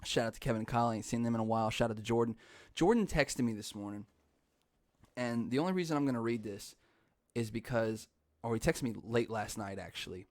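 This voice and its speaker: A man's voice: medium pitch, animated, a little fast, dry recording, studio quality. A young man hosting a podcast in casual chat, rambling, often laughing and swearing offhandedly. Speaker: podcast host.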